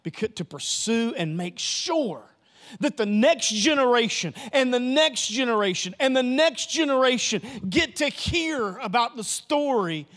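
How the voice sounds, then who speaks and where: A man preaching a sermon as pastor, emphatic and repetitive, swinging between loud passages and hushed ones. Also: very high voice, sing-song, a little slow.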